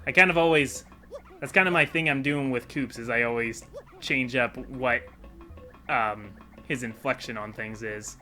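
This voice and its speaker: A man's voice: medium pitch, measured pace, pushed and bright, faint music behind. A man giving rambling, casual commentary while playing a video game, chatty and self-deprecating. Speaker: video game let's-play host.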